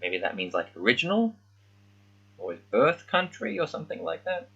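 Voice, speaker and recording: A man reading along with a children's book as a language learner, thinking aloud and sounding out words haltingly in casual commentary. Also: fairly high pitch, huge pitch swings, vocal fry, pushed and bright, slightly rough, highs cut off.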